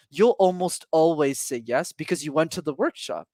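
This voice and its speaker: Energetic male coach, dry sound. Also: fairly high pitch, no room sound. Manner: fast, energetic explaining with many "like" fillers. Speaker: communication coach, guest. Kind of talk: casual podcast conversation.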